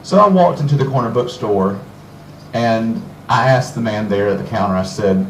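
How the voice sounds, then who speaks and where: A man's voice: lowish voice, moderate pace, slight background noise. Southern man telling garden stories. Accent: Southern American. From Georgia, USA. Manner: animated, chuckling storyteller. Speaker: garden author and speaker. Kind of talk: storytelling lecture to an audience. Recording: roomy, distant mic with faint ambience.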